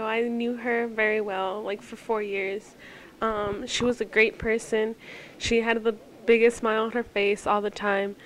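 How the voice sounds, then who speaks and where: A teenage girl telling rambling memories of a friend at a memorial, full of "like" and fillers. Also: a little high. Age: teens. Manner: rambling, lots of "like", anecdotal. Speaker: classmate sharing a memory. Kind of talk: memorial tribute.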